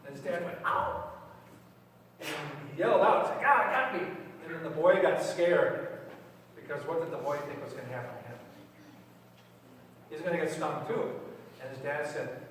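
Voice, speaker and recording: Pastor guy talking easy with the kids, kinda high voice, lots of church echo, mic far off. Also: steady tone, moderate pace, pauses often. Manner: plain, conversational, asks the children questions. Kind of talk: children's sermon then sermon. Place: church sanctuary. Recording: echoey church from far off, faint hiss.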